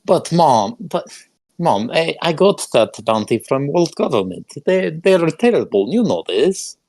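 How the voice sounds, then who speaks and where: A man's voice: on the high side, very animated, measured pace, a little mellow, no room sound, pitched above the performer's own voice, heavily acted. Man playing a stammering sheepish daughter. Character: flustered grown daughter caught out by her mother. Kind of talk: tabletop role-play.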